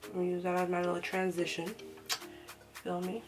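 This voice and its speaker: A woman's voice: on the low side, completely flat delivery, fairly quick. Sassy, chatty woman vlogging over music. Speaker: beauty vlogger. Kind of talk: casual makeup tutorial chat. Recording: music playing behind.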